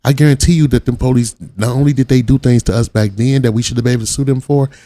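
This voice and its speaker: A man's voice: medium pitch, fairly even intonation, fast talker, mellow, dry recording. A man from Watts giving blunt, profane reaction commentary on a video as the channel host. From Watts, Los Angeles. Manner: blunt, profane street talk.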